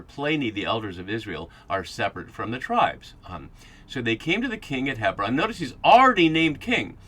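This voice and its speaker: A man with a mid-range, pushed and bright voice hosts a podcast, delivering a Bible study lecture. He explains passages while thinking aloud, full of fillers and restarts.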